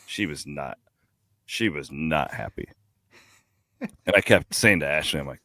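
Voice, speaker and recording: A man's voice: rumbling low, unhurried, vocal fry, dry recording, studio quality. A man co-hosting a sports podcast, chatting casually and animatedly, telling travel stories from an airport bar over a remote call. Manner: animated storyteller, laughs at his own stories. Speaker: podcast co-host.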